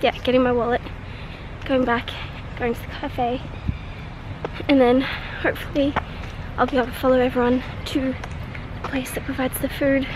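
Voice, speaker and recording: A young woman talks straight to her camera in a loose, rambling way, cursing and trailing off into half-finished thoughts. Her voice sits a little high. The room is echoey, with faint noise behind her. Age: young adult. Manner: rambling, frank, swears, trails off. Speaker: vlogger. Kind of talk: casual vlog monologue. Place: room at a conference venue.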